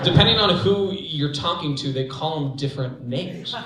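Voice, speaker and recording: A man's voice: fairly high pitch, expressive, normal speed. A young man hosting a live stage show, trading playful jokes with his guest and introducing him to the audience. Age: young adult. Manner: playful, joking. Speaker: singer and show host. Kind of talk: onstage banter and introductions. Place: theater stage with a live band. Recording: distant mic in a reverberant hall with band and crowd.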